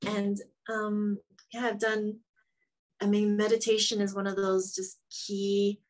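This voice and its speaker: Woman guest, casual podcast talk, reflective and rambling, mid pitch. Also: level tone, slow pace, poor audio. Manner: reflective, rambling with many fillers. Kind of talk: casual conversation.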